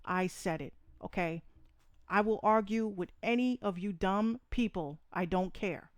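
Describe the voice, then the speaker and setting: A woman's voice: mid-range voice, measured pace, dry recording. A woman hosting a live podcast, ranting in a blunt, profane and emphatic way, repeating her points. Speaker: podcast host. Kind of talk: opinionated live podcast rant.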